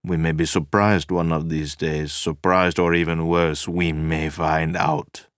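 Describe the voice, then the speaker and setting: A man reading an audiobook, voicing a weary, cynical man who speaks flatly and remotely. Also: rumbling low, a little slow, clear, resonant tone, dry recording, clean studio sound. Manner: tired, flat and remote.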